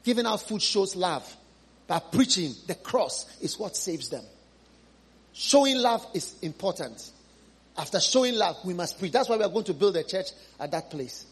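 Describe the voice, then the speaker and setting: A husky-voiced man preaching a fervent sermon in a high, lively register that leaps around. He repeats his lines for emphasis and swings between ringing cries and soft, pleading appeals to the people before him. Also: moderate pace. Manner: swings from loud high exclamations to low hushed appeals; repeats phrases for emphasis, pleading questions to the congregation. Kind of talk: impassioned sermon.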